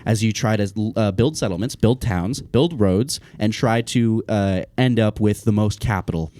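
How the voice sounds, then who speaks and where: A man's voice: on the low side, a little slow, warm tone. A young man hosting a podcast, explaining in a loose, rambling, profane way during a casual debate. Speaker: podcast host.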